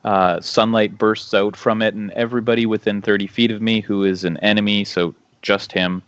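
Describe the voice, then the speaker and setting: A man's voice: on the low side, flat delivery, moderate pace, clean tone, muffled recording. A man playing a tabletop game, declaring his actions matter-of-factly. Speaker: player. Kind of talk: casual game chat.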